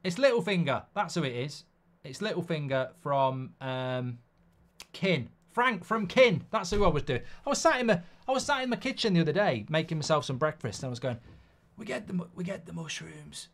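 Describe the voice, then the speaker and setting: A man's voice: fairly high pitch, sing-song, fairly quick. A man hosting a live football watchalong, reading viewer comments aloud and giving blunt, chatty opinions.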